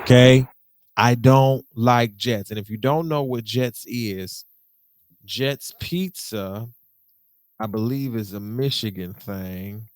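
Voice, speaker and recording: Young male podcast host, energetic and expressive, mid-pitched voice recorded dry. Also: no echo. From Detroit. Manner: animated and slangy, jumps to high excited pitch, mimics voices. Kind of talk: casual solo podcast storytelling.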